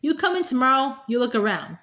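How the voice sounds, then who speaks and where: A woman voicing a gruff, haggling older male bookseller with a thick accent who stammers and grumbles. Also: on the high side, expressive, normal speed, fairly bright tone. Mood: grumbling.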